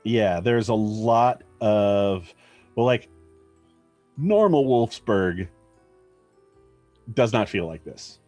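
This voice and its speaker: A man narrating as game master for a tabletop game, halting often with ums and uhs. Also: fairly low pitch, lively intonation, a little mellow, dry recording. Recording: faint music behind.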